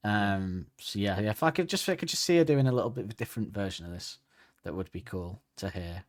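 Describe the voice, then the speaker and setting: Man, low-pitched, chatty, rambling, casual podcast talk. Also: animated, fast. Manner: chatty, rambling, hedging asides. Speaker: podcast co-host. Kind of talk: casual music podcast chat.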